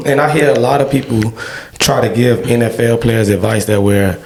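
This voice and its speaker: A man hosting a podcast interview, asking questions in a relaxed, conversational way. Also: mid-range voice, moderate pace. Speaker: podcast host. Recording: roomy room, faint noise.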